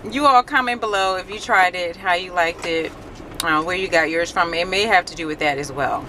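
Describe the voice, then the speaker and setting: A woman's voice: on the low side, a little fast. Chatty woman vlogging in a noisy restaurant. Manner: chatty and animated, laughs often. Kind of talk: casual food review vlog.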